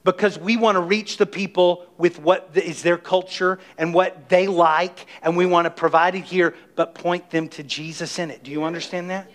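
A middle-aged man preaching a sermon as pastor of his church, emphatic and energetic, calling on the congregation to respond. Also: high voice, moderate pace, few pauses. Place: church sanctuary.

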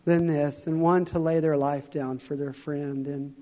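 A man's voice: a little high, flat delivery, unhurried, dark tone. Earnest man preaching in an echoing hall. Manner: conversational storytelling, earnest. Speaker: guest speaker. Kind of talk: sermon. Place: church.

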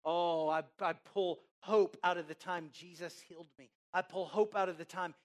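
A preacher addresses a congregation with emphatic, drawn-out phrasing that swings between loud calls and hushed lines. They pose questions to the listeners and have them repeat key words. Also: medium pitch, fairly even intonation. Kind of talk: sermon.

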